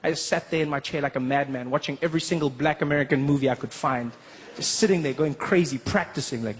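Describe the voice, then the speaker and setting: A man from South Africa performing a lively stand-up comedy set, telling stories and slipping into voices. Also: a little high, fast, big-room sound, heavy background noise. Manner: animated, storytelling, lots of voices.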